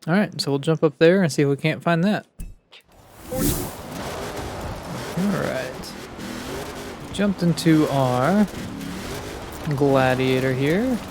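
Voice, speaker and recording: A man, the host of a gaming channel, giving relaxed gameplay commentary and thinking aloud as he plays. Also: on the high side, slow, pauses often, music in the background. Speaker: gaming YouTuber.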